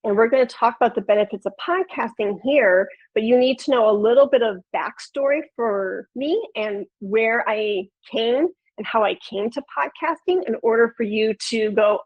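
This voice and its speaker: Woman, 30s, Chicago accent, nasal, bright and a bit high, presenting over muffled web-call audio. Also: normal speed, hardly any pauses. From Chicago, USA. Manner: upbeat, conversational, addresses audience directly. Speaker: podcast producer and flutist presenter. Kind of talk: webinar presentation.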